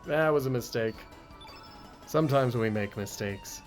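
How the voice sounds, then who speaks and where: A man's voice: mid-range voice, a little slow, faint music behind. A man streaming a game, talking in a laid-back, self-deprecating, casual commentary style.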